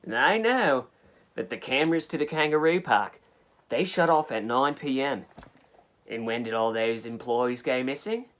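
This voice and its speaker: A man voicing a brash, scheming male park owner in a put-on Australian accent, gruff and ranting, for a comedy mockumentary. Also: medium pitch, moderate pace, fairly bright tone, close to an everyday voice. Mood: conspiratorial.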